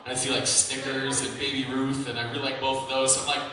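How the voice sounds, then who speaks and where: A young man doing a stand-up set in a small comedy venue, self-mocking, profane and excitable. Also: medium pitch, fast, a crowd in the background. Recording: echoey room, distant mic, faint noise.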